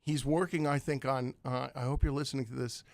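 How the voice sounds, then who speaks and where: A man's voice: mid-range voice, steady tone, a little fast, vocal fry, dry recording. An American man hosting a radio studio interview, chatting casually and rambling with self-deprecating asides. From United States. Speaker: radio show host. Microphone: studio microphone.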